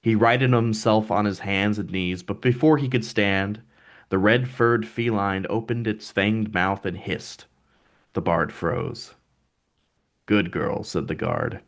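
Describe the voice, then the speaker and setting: A man, the author, reading his own dark fantasy novel aloud in a measured, deliberate way. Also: lowish voice.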